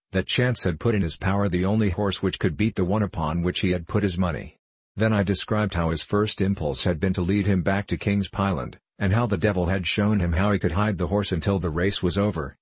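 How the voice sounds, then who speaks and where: A man's voice: sits low, slightly rough, no room sound. A man reading Sherlock Holmes, cool and shrewd. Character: cool, shrewd male detective, calm and sure of himself. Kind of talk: audiobook character reading.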